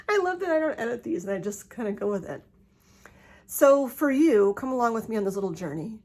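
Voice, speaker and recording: A middle-aged woman talking casually into her phone at home, chatty and often laughing, with quick restarts. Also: a little high, expressive, darkish tone. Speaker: vlogger. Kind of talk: casual personal vlog. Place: home, indoors.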